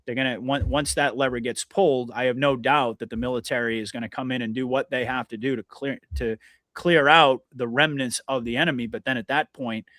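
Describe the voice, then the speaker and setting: A man hosting a conversational podcast, earnest and emphatic, often restarting his sentences. His voice sits at an ordinary middle pitch. The recording is close and dry, with no room sound. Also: fairly even intonation, fairly quick, fairly bright tone, dry recording. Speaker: podcast host. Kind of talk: casual conversational interview.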